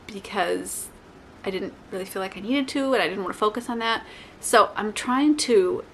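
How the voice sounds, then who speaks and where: A woman vlogger talking casually to the camera, rambling and correcting herself, with lively, playful asides to her viewers. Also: medium pitch, a little hiss or hum. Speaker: lifestyle vlogger. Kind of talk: casual chatty advice to camera.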